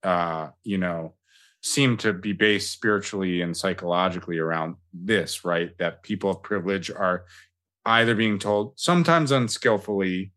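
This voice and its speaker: Low-voiced reflective podcast host man. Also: normal speed, sharp tone. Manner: reflective, loose, with fillers and hedging asides. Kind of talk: casual conversational interview.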